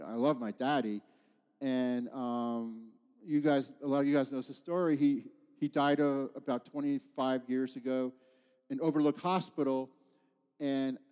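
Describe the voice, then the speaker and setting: Brief: male pastor, 50s, slightly high voice, heartfelt storytelling sermon, long hall reverb. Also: warm tone. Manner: heartfelt storytelling with call-outs to the congregation. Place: church.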